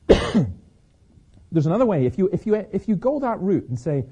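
A man's voice: high voice, big pitch swings, a little slow, pauses often, dark tone, husky, dull audio. A man giving a Christian talk, telling personal stories with frequent restarts and repeated words. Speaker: Christian speaker.

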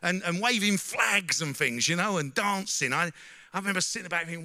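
A middle-aged man tells his story to a church audience, his high voice sharp and forceful. He keeps turning to the listeners with questions and a steady "you know?". The sound is close and dry. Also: brisk, dry recording. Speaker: speaker giving a testimony. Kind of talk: personal testimony to a church audience.

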